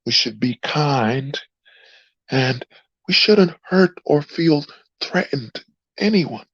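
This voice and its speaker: A man imitating a timid, gentle man in a soft, halting, mocking voice. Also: fairly high pitch, lively intonation, dry recording, voice pushed up, heavily acted. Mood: mockingly meek. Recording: dull lo-fi sound.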